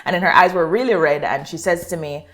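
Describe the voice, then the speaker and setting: A woman's voice: on the low side, fast talker. A young woman, a guest on an interview show, telling a personal story and acting out what people said. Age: young adult. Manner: animated storytelling, acts out quoted speech.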